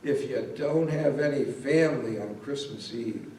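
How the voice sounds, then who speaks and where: Man reading sad, weepy bunny; slow, echoey room, mic far off. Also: medium pitch, mellow, close to an everyday voice. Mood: forlorn. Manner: sobbing, plaintive. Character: lonely tearful young male bunny. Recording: roomy echo, mic at a distance.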